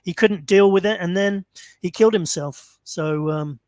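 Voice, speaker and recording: A man's voice: high voice, moderate pace, a little mellow, no room sound. A man hosting a call-in show, telling a long rambling story with many fillers and restarts. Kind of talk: casual storytelling.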